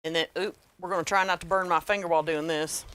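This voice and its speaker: Bright-voiced wisecracking Southern woman. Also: fairly low pitch, steady tone, quick pace, clean tone, no echo. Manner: wisecracking, folksy, talks to viewers as y'all. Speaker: craft tutorial host. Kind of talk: chatty crafting tutorial.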